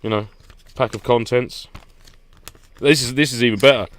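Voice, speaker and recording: A man chatting on a podcast, venting in a good-humoured way and laughing through it. His voice sits at an everyday middle pitch. He keeps the tone loose and playful. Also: moderate pace, a bit bright. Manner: jokey ranting, frequent laughter. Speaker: podcast co-host. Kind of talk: casual chat.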